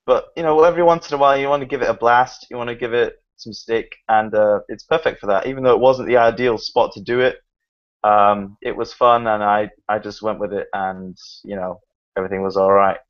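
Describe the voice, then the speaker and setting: A man telling a story in a relaxed, casual chat, with some fillers. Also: lowish voice, brisk, muffled recording. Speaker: motovlogger guest.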